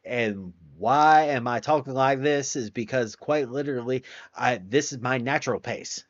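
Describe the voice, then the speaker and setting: A man's voice: medium pitch, moderate pace, no echo, dull audio. Playful man with a Southern drawl. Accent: Southern US, drawl slipping in. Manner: playful, bursts into meme lines and vocal stims. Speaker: streamer hosting a bedtime chat. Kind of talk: casual late-night live chat.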